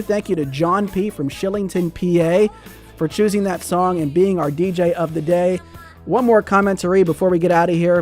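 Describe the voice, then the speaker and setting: A man's voice: fairly high pitch, a little mellow. Man hosting a radio talk show. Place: radio studio. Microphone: studio microphone.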